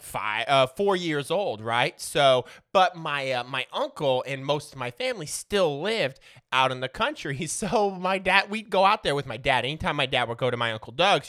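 Man, forties, casual profane storyteller, animated pitch, bright tone, laughs a lot. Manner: profane, rambling, laughs often.

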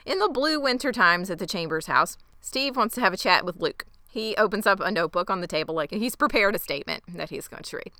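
A woman's voice: mid-range voice, lively intonation, fairly quick, hardly any pauses, pushed and bright, no echo. A woman co-hosting a podcast, recapping a TV episode in a wry, mocking way, close to the mic. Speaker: podcast co-host. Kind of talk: casual TV recap chat.

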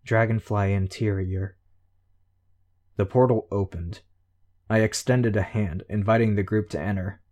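Man with a low voice narrating an audiobook. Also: normal speed, dark tone. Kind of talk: first-person novel narration.

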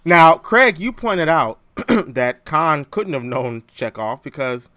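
A man hosting a podcast in casual chat, animated and jokey. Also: a little high, slow pace, a little hiss or hum. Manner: animated, jokey, quotes lines from films. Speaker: podcast host.

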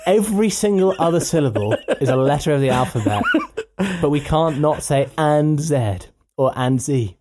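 A man's voice: on the high side, lively intonation, normal speed, background noise. A man co-hosting a podcast, chatting casually and ranting playfully. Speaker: podcast co-host. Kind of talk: casual chat.

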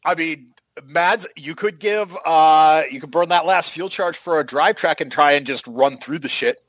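A man with a slightly high voice runs a tabletop game, narrating in a loose, rambling way. He drops casual swearing and sarcasm, and the recording is close and dry. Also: normal speed, a bit bright, no room sound, low-quality recording. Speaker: game master.

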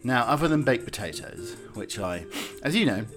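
A man's voice: mid-range voice, very animated, moderate pace. A man with a British accent rambling theatrically in a comic chat, a little out of breath. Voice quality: theatrical, jokey, rambling with restarts. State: slightly out of breath. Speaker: comic vlogger playing a butler persona. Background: background music.

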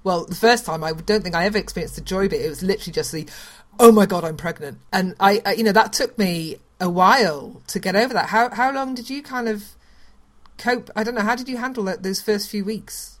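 Woman podcast host, warm-toned questioning, conversational. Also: medium pitch, a little fast. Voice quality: gentle, probing questions with restarts. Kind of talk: conversational interviewing.

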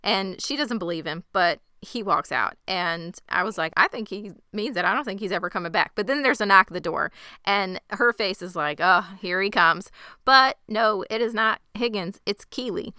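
A woman in casual chat, recapping an episode with animated retellings and quoted character lines. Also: medium pitch, normal speed, clean tone, no echo, clean studio sound. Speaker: podcast co-host.

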